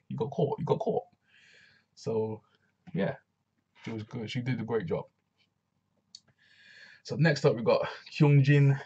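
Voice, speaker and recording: Gravelly low-voiced man, casual chatter. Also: darkish tone. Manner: loose and chatty, laughs often, many fillers. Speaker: show reviewer. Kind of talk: casual reaction review. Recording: dull lo-fi recording.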